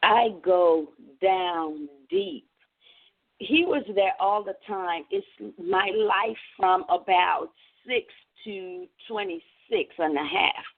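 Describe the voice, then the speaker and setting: A woman's voice: medium pitch, expressive, slow pace. A woman from the Caribbean, an author guest on a radio interview, telling her story in an earnest, impassioned way over a phone line.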